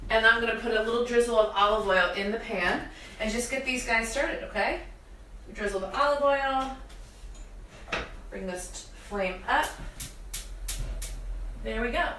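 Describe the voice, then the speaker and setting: A young woman with a fairly high voice hosts a live cooking demonstration from her home kitchen, talking straight to viewers with self-deprecating humor as onions make her eyes water. The recording sounds roomy and distant, with background noise and the clatter of pots and dishes.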